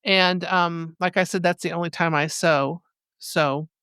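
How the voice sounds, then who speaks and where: A woman co-host talks casually and encouragingly, stumbling over a few words as she goes. Her voice is smooth and clear, recorded dry and close. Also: lowish voice, fairly even intonation, a bit bright, no echo. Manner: encouraging, halting with restarts. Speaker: podcast co-host. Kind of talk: casual chat.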